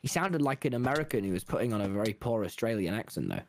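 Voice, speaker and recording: A young man on a gaming stream, loud and incredulous, swearing often. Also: fairly low pitch, animated, quick pace, a little hiss or hum. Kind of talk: casual gaming stream chat.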